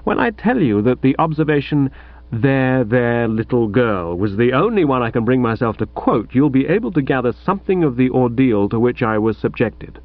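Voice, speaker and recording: A man's voice: medium pitch, big pitch swings, a little fast, few pauses, no room sound. A man narrating a comic first-person novel with wry, mock-grand storytelling, in a slightly muffled audiobook recording.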